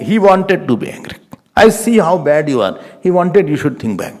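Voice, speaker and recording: A man's voice: a little high, normal speed. A man with an Indian English accent giving a spiritual sermon as a swami, emphatic and repetitive, mixing in Hindi words. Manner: animated, emphatic, repeats phrases, mixes in Hindi words.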